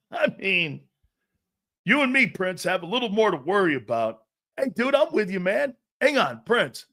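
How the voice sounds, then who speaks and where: A loud, brash man hosts a live sports talk show, answering his viewers and laughing as he goes. His voice sits a little high for a man. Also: normal speed. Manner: brash, loud and animated, often laughing at himself.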